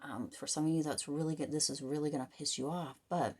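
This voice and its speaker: A woman's voice: low voice, fast, darkish tone, breathy edge. A woman giving a frank, rambling tarot reading to the camera, full of fillers and restarts. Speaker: tarot reader.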